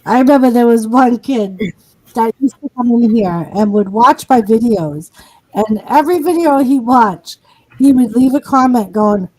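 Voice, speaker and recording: A woman's voice: on the high side, normal speed, darkish tone. A woman with a Massachusetts accent, hosting a casual livestream chat, talking freely and swearing often. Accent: Massachusetts, Lowell. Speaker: host.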